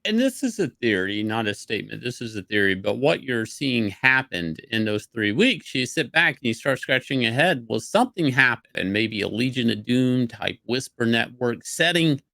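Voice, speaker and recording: Gravelly, bright-voiced man commentating. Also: mid-range voice, sing-song, moderate pace, hardly any pauses, no echo. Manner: speculative, emphatic storytelling. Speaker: commentary host. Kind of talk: opinionated commentary.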